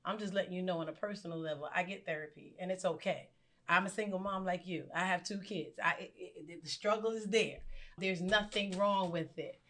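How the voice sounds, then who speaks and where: A woman's voice: lowish voice, a little fast. A woman teacher on a live panel, earnestly telling personal stories and acting out what others said. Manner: earnest, storytelling, animated quotes.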